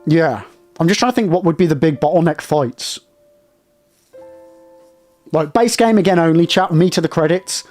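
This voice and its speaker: A man's voice: a little high, expressive, moderate pace, long pauses, a little mellow, faint music behind. A young man streaming a game live, elated and shaky with nerves after a win, talking to his chat in bursts.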